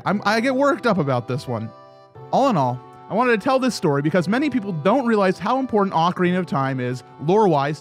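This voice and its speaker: A man hosting a gaming video, giving scripted commentary with playful asides. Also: high-pitched. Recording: faint background music.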